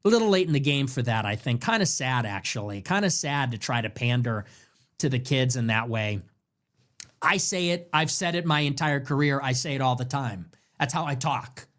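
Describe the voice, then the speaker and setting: A man's voice: mid-range voice, lively intonation, moderate pace, fairly bright tone. A man hosting a political commentary show, talking in an emphatic, sarcastic and mocking way with lots of repetition. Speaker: show host.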